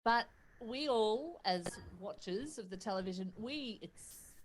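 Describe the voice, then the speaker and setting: A woman's voice: on the high side, lively intonation, measured pace, slight background noise, low-quality recording. An Australian woman co-hosting a podcast, making long, reflective remarks to her guest. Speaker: podcast co-host. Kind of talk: casual interview chat.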